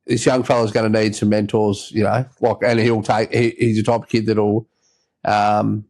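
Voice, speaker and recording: A man's voice: lowish voice, level tone, moderate pace, a little mellow. A man with an Australian accent hosting a podcast, telling a rambling story in a casual, chatty way and acting out the voices of the people in it. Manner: rambling yarn-spinner, acts out quoted voices. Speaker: podcast host.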